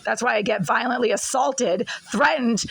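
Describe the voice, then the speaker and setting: A woman with a husky, smoker-like voice filming herself in her apartment kitchen, delivering an agitated, accusatory rant. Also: on the high side, normal speed, a bit bright, rough recording. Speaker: vlogger. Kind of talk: angry complaint vlog.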